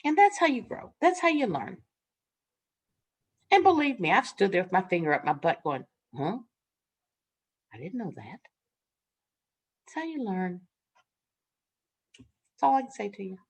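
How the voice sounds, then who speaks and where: In her nursing class, an older woman lectures at a normal speed in a medium pitch with big swings in intonation and long pauses. Her manner is frank and folksy, and she laughs often while recounting tales from the ward.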